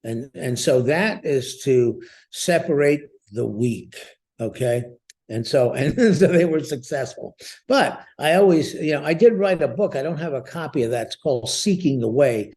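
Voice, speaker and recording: A man in his seventies from the United States, a veteran guest telling stories in an interview with a lively, chuckling manner. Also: a little high, moderate pace. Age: 70s. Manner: lively, chuckling storyteller who repeats words as he goes. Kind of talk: storytelling interview.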